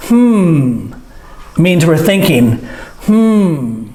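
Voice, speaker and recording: A man teaching a language lesson, slowly acting out each sound he explains. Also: high-pitched, expressive. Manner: slow, demonstrative, acts out each sound. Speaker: English teacher. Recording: echoey room.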